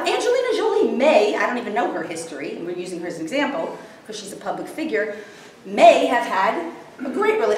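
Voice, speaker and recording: A woman giving a spiritual workshop talk to a live group, often checking that the audience follows. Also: a little high. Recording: very echoey room, distant, faint noise.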